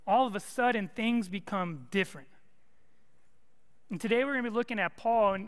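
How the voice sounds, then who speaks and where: A young man preaching a casual, energetic sermon full of fillers and stories. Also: high voice, clear, resonant tone. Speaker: college ministry preacher.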